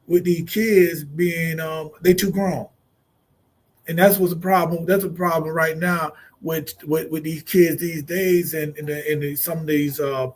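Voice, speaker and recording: A man co-hosting a radio talk show, talking bluntly and profanely in animated, storytelling fashion. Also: a little high, husky. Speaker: co-host.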